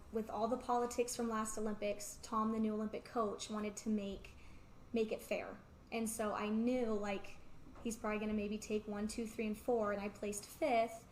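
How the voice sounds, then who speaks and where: A woman's voice: medium pitch, a little hiss or hum. A young woman in her twenties, an interview guest, telling a personal story in a chatty way full of "like". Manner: chatty, peppered with "like", acts out quoted remarks. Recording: echoey room with faint ambience.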